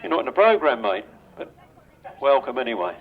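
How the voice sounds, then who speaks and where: An older English man, medium-pitched and brisk with big pitch swings, handles live grasstrack commentary via a public address microphone at an outdoor track, announcing the riders. He jokes and banters with them in a chatty way, captured on a dull, lo-fi outdoor recording.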